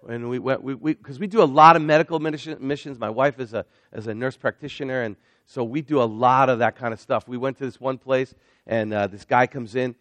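A middle-aged man preaching an energetic sermon as a missionary, getting excited and building toward shouting. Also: medium pitch, no echo.

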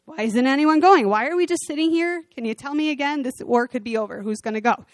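A woman's voice: high-pitched, fast talker, no echo, close to an everyday voice. A woman voicing an eager young shepherd boy who keeps asking who will fight, in a sermon retelling. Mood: urgent. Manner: earnest, questioning.

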